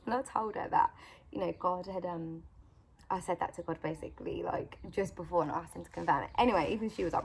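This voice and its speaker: A woman, a Christian vlogger and mother, telling a faith story in a casual, animated way and acting out the dialogue. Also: lowish voice, racing, gravelly, a little hiss or hum. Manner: animated, acts out quoted dialogue, frequent "like". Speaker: mother of a young son.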